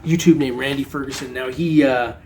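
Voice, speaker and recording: A middle-aged man's laid-back metal detecting vlog is full of jokes, rambling, and fillers. He speaks briskly in a steady, medium-pitched voice, with slight background noise.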